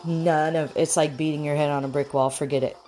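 A woman's voice: sits low, steady tone, brisk, warm tone, soft background music. A woman talking straight to the listener, explaining things in a conversational, advising way. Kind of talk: advice talk to the viewer.

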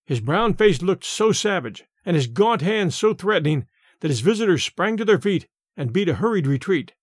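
A man hosting and narrating a classic story aloud with an expressive, dramatic reading. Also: high voice, moderate pace, slightly rough, dry recording, studio quality. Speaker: host and narrator. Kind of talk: audiobook narration.

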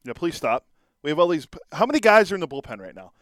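Guy co-hosting sports radio, talks fast, slightly high voice. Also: big pitch swings, fairly bright tone, dry recording, studio quality. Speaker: co-host.

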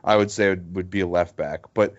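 A man's voice: low voice, steady tone, a little fast, lo-fi sound. A man co-hosting a casual sports podcast, talking in a rambling, hesitant way with many fillers. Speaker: podcast co-host.

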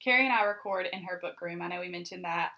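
A woman co-hosting a casual podcast, telling stories in an animated way and laughing often. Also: on the low side, fast talker, creaky. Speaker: podcast co-host. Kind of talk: casual chat.

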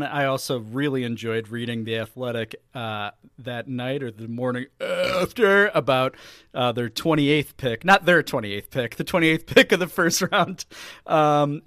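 A man's voice: medium pitch, a bit bright, no room sound, studio quality. A man co-hosting a casual sports podcast, talking in a joking, sarcastic way and laughing often. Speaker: podcast co-host.

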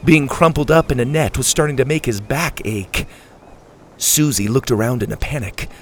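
A man narrating a children's adventure storybook in a calm, expressive way. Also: mid-range voice, moderate pace, slight background noise. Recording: faint music behind.

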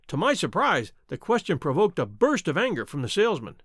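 A male narrator reads a classic mystery in measured, even tones. His voice sits high and moves with lively pitch changes. The recording is close and dry, with no room sound. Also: slightly rough, dry recording. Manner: measured storytelling. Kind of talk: scripted audiobook narration.

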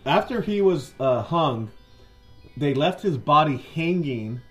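A man's voice: on the high side, lively intonation, slow pace, fairly bright tone, soft background music. A man co-hosting a casual podcast, telling stories with lots of swearing, laughs and silly put-on voices. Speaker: podcast co-host. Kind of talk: casual chat.

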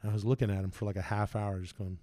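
A man telling loose, profane stories in casual chat, slipping into quick impressions. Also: lowish voice, flat delivery, mellow, no room sound, studio quality. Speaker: podcast guest telling stories.

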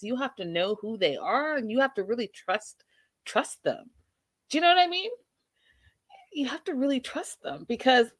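A woman's voice: mid-range voice, no room sound. A woman hosting a casual reality TV recap show, talking animatedly, laughing and acting out what people said. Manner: animated, laughing, acts out quotes. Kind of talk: casual recap and review chat.

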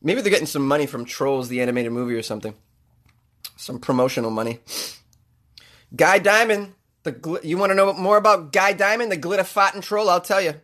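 A man's voice: a little high, fairly quick, a bit bright. A man with a Boston accent hosting a comedy podcast, riffing sarcastically and rambling through his jokes. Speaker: podcast host. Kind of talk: comedic monologue.

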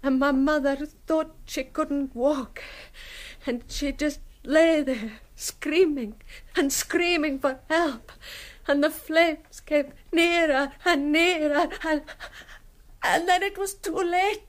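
A fragile, simple-minded young woman in an old radio drama. She speaks very slowly and haltingly in a high, thin voice. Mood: hysterical. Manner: slow, halting, breaks into terrified screaming. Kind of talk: 1970s radio drama acting.

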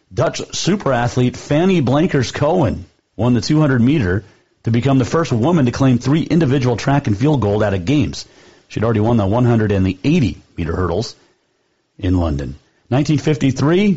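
Chatty husky-voiced sports radio host man. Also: mid-range voice, mellow, muffled recording. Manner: chatty, rambling, fond of trivia. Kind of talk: casual sports radio monologue.

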